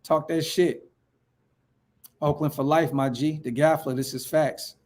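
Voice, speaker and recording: A hyped man from Northern California hosts a casual fan livestream, reading viewer comments aloud and answering them. His voice sits a little high for a man, and his talk is slangy and full of repeated phrases. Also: fairly even intonation, a little slow, darkish tone. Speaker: fan channel livestream host.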